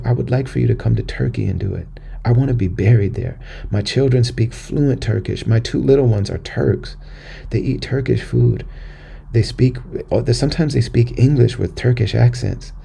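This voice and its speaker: Man from the US, podcast host, heavy vocal fry, low voice, earnest, conversational. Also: warm tone, a little hiss or hum. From United States. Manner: earnest, conversational, circles back on phrases. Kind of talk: personal monologue.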